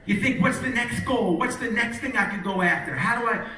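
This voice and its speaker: A man giving a storytelling keynote, animated and acting out other people's lines, in a large hall before an audience. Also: very high-pitched, a little fast. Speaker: motivational speaker. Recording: echoey hall, distant mic, faint noise.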